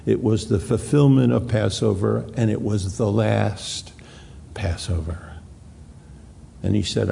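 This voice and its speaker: A man preaching a sermon in a church, slow and deliberate, repeating phrases for emphasis. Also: fairly low pitch, vocal fry, dark tone, a little hiss or hum. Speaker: pastor. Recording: long hall reverb.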